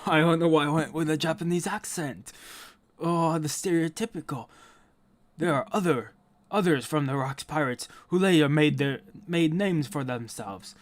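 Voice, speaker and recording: A man reading a comic aloud and reacting with loud, swearing asides. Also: on the high side, moderate pace. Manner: swears often, reads text aloud with excited asides. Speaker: manga reaction host.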